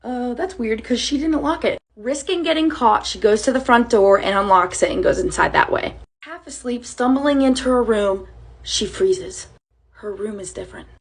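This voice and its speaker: A young woman narrating a movie idea in a dramatic storytelling manner, dropping to hushed tones for suspense. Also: on the high side, lively intonation, moderate pace, husky.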